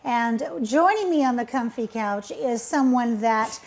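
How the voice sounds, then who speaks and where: A woman's voice: on the high side, animated, measured pace, a little mellow. A woman hosting a TV talk show in a studio, chatty and playful, teasing her guests, with a runny nose from allergies.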